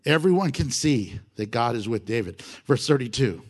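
A man preaching a sermon, exhorting his listeners with animated emphasis and chuckles. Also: medium pitch, normal speed, breathy edge.

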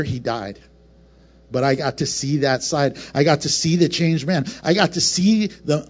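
A man preaching a passionate sermon as pastor, with laughs and quick acted asides between points. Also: fairly high pitch, a little mellow, dull audio.

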